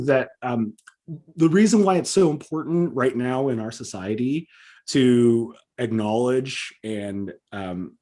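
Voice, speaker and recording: A man's voice: mid-range voice, darkish tone. A man from Southern California talks as a podcast guest. His voice sits in a middle register, and he speaks in an earnest, emphatic way, leaning on fillers as he builds his points. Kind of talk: conversational interview.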